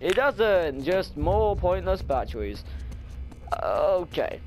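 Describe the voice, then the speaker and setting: Jumpy young guy playing a scary game, slow nervous mumbling, kinda highish voice. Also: very animated, a little mellow, faint music behind. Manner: jumpy, nervous muttering with sudden shrieks. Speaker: gaming channel host. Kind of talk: horror game commentary.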